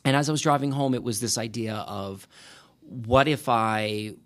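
A man's voice: mid-range voice, moderate pace, fairly bright tone. A man talking as a podcast guest, thoughtful and rambling, with many restarts. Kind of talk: casual interview conversation.

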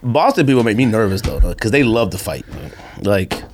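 A man's voice: fairly low pitch, sing-song, brisk, crowd noise. Rambling casual male podcast host. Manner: rambling, full of "like" and "you know". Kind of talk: casual chat.

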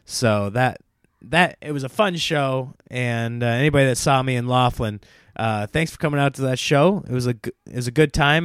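A man, a stand-up comedian, telling a casual story in a rambling way, with lots of fillers and excited restarts. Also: mid-range voice, smooth, no echo, clean studio sound.

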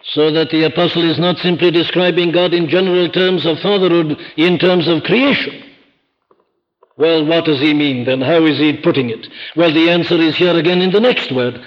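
A man preaching a sermon, emphatic and rhetorical, slowing down to stress key words. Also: a little high, in a large hall. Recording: dull lo-fi archive recording.

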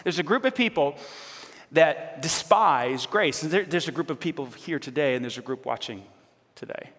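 A man preaching a sermon as pastor, animated and conversational with a teasing edge. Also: on the high side, normal speed, breathy edge. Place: church. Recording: reverberant church hall.

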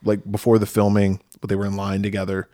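A man's voice: on the low side, monotone, fast, warm tone, no echo, studio quality. A man co-hosting a podcast, chatting casually and rambling with enthusiasm about films he likes. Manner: rambling, enthusiastic film talk. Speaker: podcast co-host. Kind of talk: casual chat.

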